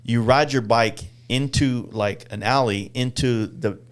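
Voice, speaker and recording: A man's voice: mid-range voice, unhurried, clear, resonant tone. A man co-hosting a motorcycle event, chatting casually on a podcast in a loose, rambling way. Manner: loose, rambling, laughs often.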